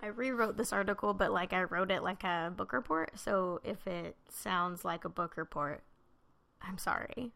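A woman co-hosting a casual podcast, her voice gravelly with a touch of vocal fry. She reads from notes she rewrote herself, stopping with fillers over hard names and talking in a relaxed, chatty way. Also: medium pitch, normal speed. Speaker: podcast co-host presenting a case. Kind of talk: casual chat, reading a rewritten article.

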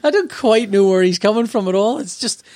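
A man co-hosting a casual film chat, animated and playful, often cutting in. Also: high voice, brisk, a little hiss or hum. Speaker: podcast co-host.

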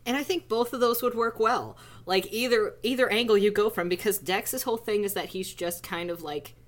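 A young woman in casual podcast chat, animated, laughing often and groaning in mock despair. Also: medium pitch, brisk, few pauses. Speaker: podcast co-host.

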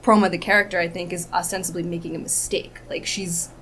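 A woman from the United States talking quickly and loosely in a relaxed podcast conversation. She rambles, stacking up asides and fillers as she goes. A faint hum of room noise sits behind her. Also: on the low side. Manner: fast, rambling, frequent "like". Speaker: podcast guest, filmmaker. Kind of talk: casual chat.

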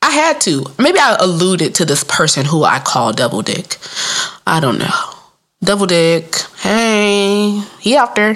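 A woman with a fairly low natural voice hosts a casual solo podcast. She tells stories in loose, slangy speech, laughs often, and leaps up in pitch when she quotes someone. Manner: animated storytelling, laughs often, jumps up high for quoted voices. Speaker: podcast host.

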